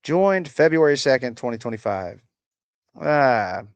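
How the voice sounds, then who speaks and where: In a sing-song, medium-pitched voice at a measured pace, this U.S. streamer chats from his rural home, profanely mocking the comments as he rambles. The tone is clean, with no echo.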